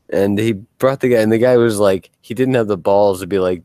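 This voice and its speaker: A man's voice: lowish voice, a little fast, few pauses, warm tone, no echo. A man hosting a casual panel chat who tells rambling, joking stories and swears freely.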